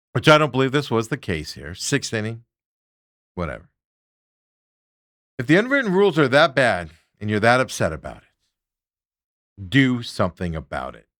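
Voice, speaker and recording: A man's voice: lowish voice, no room sound, studio quality. A middle-aged man hosting a sports talk show, ranting with strong opinions and mocking the people he talks about. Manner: animated ranting, mocking impressions of players.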